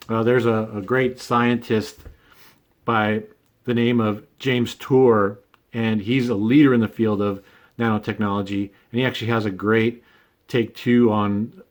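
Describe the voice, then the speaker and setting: A man hosting his own video, talking through an argument in a casual unscripted monologue full of fillers and asides. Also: fairly low pitch. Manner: conversational, many fillers and "right?" tags. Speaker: video essay host.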